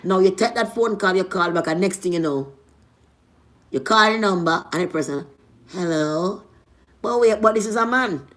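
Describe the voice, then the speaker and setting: A woman with a Jamaican accent telling a personal story in casual vlog style, animated and blunt, with plenty of profanity and jumps between loud and soft. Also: mid-range voice, fairly quick. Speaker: vlogger.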